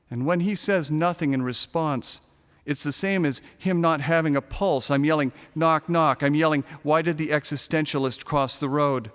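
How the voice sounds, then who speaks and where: A man narrating a first-person short story in a sardonic, darkly comic way, now and then shouting a punchline. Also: medium pitch, in a large hall.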